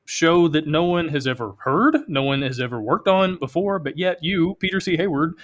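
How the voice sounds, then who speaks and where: A man's voice: fairly high pitch, normal speed. An American man hosting a podcast interview, chatting enthusiastically with a rambling, easygoing manner. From United States. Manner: enthusiastic, rambling, lots of fillers and restarts. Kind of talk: casual interview chat.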